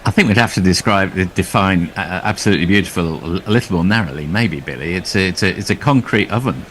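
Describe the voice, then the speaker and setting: A man from Australia, commentating on cricket in a dry, wry, measured way. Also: low-pitched, a bit bright, a little hiss or hum. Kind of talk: laid-back cricket commentary.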